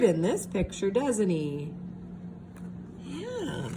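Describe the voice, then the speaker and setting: Lively, slow-reading woman teacher. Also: medium pitch. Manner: expressive, asks the children questions. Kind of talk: storybook read-aloud for young children. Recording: steady background hiss.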